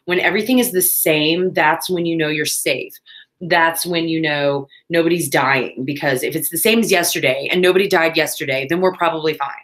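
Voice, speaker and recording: A woman's voice: sits low, steady tone, normal speed, fairly bright tone. A woman, chatting casually on a crafting livestream, with playful asides.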